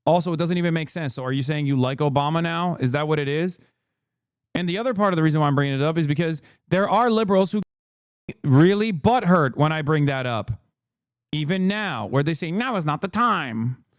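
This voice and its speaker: A man's voice: on the high side, brisk, smooth, dry recording, studio quality. A man in his thirties hosting a live-stream reaction, ranting sarcastically and reading chat messages aloud. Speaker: streamer host.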